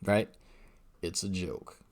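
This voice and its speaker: A man talks through a livestream commentary. His voice sits a little low. He is casual and swears freely, laughing often. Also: flat delivery, slow pace. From Louisiana.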